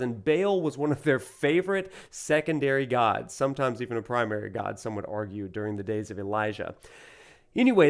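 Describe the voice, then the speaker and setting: A man from Alabama with a Southern US accent, a university professor lecturing while playing a video game, talking in an animated, rambling way with many fillers. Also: fairly high pitch, moderate pace. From Alabama, USA. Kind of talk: lecture over gameplay.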